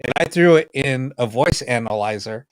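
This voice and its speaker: A man of middle pitch tells a story in loose, casual chat. He keeps acting out what others said, lifting his voice to play them. The sound is dry and close, with no room echo. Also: moderate pace. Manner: animated, acts out quoted dialogue. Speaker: podcast co-host, paranormal investigator.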